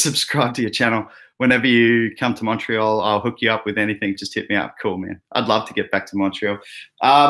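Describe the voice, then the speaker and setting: A man's voice: lowish voice, fairly bright tone. An Australian man hosting a casual livestream, rambling and chatty with frequent fillers and laughs. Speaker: crypto channel host.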